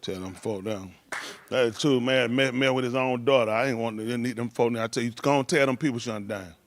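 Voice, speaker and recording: At a fairly quick pace and medium pitch, a man rambles through stories in casual conversation. He laughs often and shouts out impressions as he goes.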